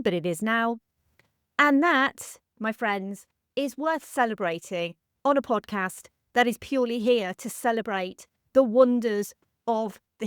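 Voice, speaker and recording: A woman's voice: fairly high pitch, smooth, no echo, clean studio sound. A woman in her thirties hosting a film history podcast, speaking earnestly and gratefully, a little emotional. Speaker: podcast host. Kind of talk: heartfelt solo podcast monologue.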